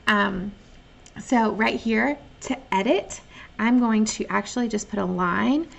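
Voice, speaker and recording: A woman teaching young children online, patiently thinking out loud as she checks and fixes her own writing. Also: medium pitch. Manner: reads sample sentences slowly and clearly.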